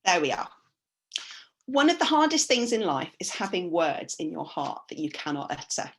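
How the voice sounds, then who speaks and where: A woman who teaches languages, giving a chatty conference talk with slides, with frequent ums and quick self-corrections. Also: lowish voice, very animated, a bit bright. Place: conference session.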